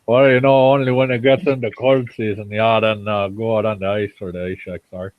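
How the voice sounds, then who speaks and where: A man's voice: fairly low pitch, steady tone, fairly quick, no room sound, phone-quality sound. A young man from Minnesota joking around casually in a voice chat, cursing now and then.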